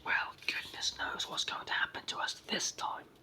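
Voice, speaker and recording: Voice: normal speed, pushed and bright. A storyteller with a sore throat and cold voicing a small, worried male brownie in whispered role-play. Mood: gloomy.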